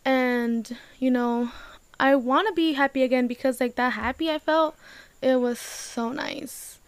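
A woman's voice: high-pitched, a little slow, clean tone, no room sound. A young woman talking casually and emotionally to her viewers, rambling with many fillers, close to tears. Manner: rambling, emotional, heavy use of "like", swears casually. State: tearful. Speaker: vlogger. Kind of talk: casual personal talk to camera.

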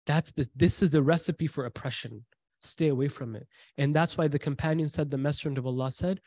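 A man's voice: fairly high pitch, brisk, a little mellow, no room sound. A man giving a sermon, retelling a story with quoted dialogue and repeated lines for emphasis. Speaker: preacher.

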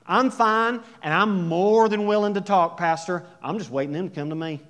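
A pastor putting on a defensive Southern churchgoer. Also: male voice, high-pitched, normal speed, a bit bright, in a large hall. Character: defensive churchgoing man, insisting he is fine.

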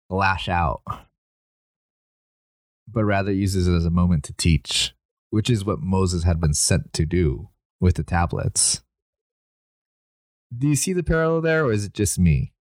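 A man's voice: deep voice, no room sound. A man casually retelling Bible stories in conversation, with many fillers and quoted lines. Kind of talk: casual discussion of scripture.

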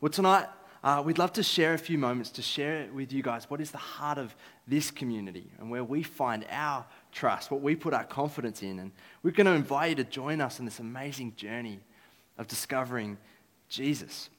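A man's voice: medium pitch, moderate pace, fairly bright tone. Casual man preaching in a hall. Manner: casual, chatty with many fillers. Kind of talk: sermon-style talk. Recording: echoey hall.

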